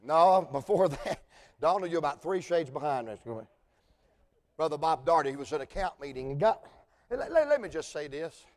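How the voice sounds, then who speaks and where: A preacher with a high voice. He talks in a homespun, joking way and then climbs into loud, shouted preaching. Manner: folksy storytelling that rises to shouted preaching. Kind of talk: sermon.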